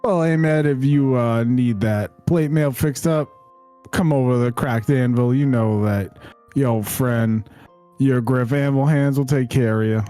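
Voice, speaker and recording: A man's voice: mid-range voice, measured pace, warm tone, clear, resonant tone, soft background music, natural voice. A man playing a friendly mountain dwarf blacksmith in a tabletop game, with a hearty, folksy way of talking. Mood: welcoming.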